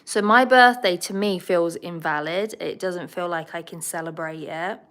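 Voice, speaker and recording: A woman's voice: fairly low pitch, moderate pace, a bit bright, smooth. A middle-aged woman from England with a southern English accent, hosting a casual livestream and chatting as she answers viewer comments. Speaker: host of a pet livestream.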